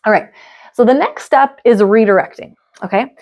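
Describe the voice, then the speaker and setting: A woman's voice: on the high side, moderate pace, a little mellow. A woman in her thirties, a parenting coach, giving a casual, chatty workshop talk full of "like" and "right?" asides.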